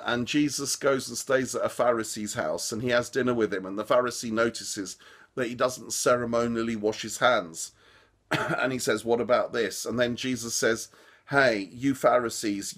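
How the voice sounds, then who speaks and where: A man's voice: mid-range voice, fairly bright tone. A man and preacher giving a short devotional commentary on a Bible passage, earnest and informal, with restarts and fillers.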